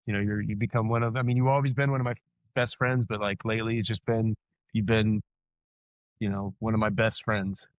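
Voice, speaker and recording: A man in his thirties from Southern California, co-hosting a casual podcast and telling nostalgic stories with lively voiced quotes. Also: fairly low pitch, dry recording. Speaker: podcast co-host. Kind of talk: casual chat. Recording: dull, dry podcast audio.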